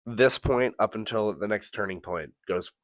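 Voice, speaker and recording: A man co-hosting a podcast, telling a profane, animated story and acting out the quotes. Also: on the low side, normal speed, no echo. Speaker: podcast co-host. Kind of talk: casual storytelling.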